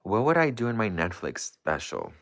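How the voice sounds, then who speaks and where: Hosting a casual livestream, a man with a lowish voice, huge pitch swings and vocal fry talks at a moderate pace. He reads viewer comments aloud and rambles effusively, leaning heavily on "like".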